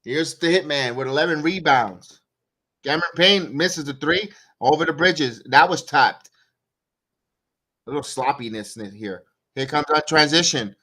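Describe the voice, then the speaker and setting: Calling a basketball game live for fellow fans, a man reads out scores and plays in short bursts, a little slowly. His voice is bright and fairly high, and he's excitable, swinging between dry sarcasm and heated rants about the coaching.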